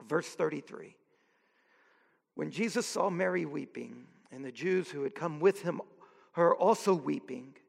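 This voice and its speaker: Pastor, male. High voice with a gravelly edge, slow earnest sermon delivery, long hall reverb. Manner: earnest, building to impassioned questions, slow deliberate emphasis.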